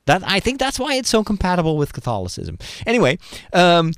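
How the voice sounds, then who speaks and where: A man's voice: high voice, huge pitch swings, fairly quick, a bit bright, dry recording. A man hosting a podcast, talking through ideas in a casual, enthusiastic way with lots of restarts. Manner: enthusiastic, thinks aloud with restarts. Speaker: podcast host. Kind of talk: casual movie discussion.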